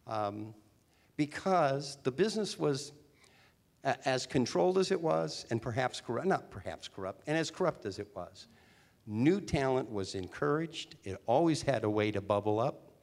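A man in his sixties, a former teen singer and actor, telling animated anecdotes as an interview guest. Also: mid-range voice, moderate pace, gravelly. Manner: chatty, animated, with restarts. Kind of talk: storytelling interview talk.

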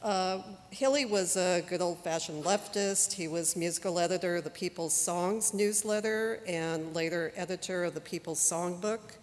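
A woman's voice: fairly low pitch, normal speed, few pauses. Woman presenting in a reverberant hall. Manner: informal, relaxed commentary. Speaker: archivist presenter. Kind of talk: presentation introducing archive recordings.

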